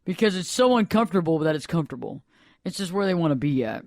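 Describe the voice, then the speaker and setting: A man who is a therapist and podcast host, explaining in a rambling, animated way in casual radio talk. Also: a little high, fast, no room sound, clean studio sound.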